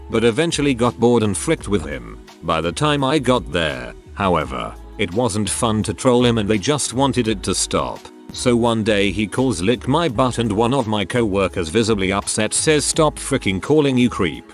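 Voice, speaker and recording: A man narrating online customer stories in a scripted reading, with faint music behind. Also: fairly low pitch. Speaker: narrator of a story channel.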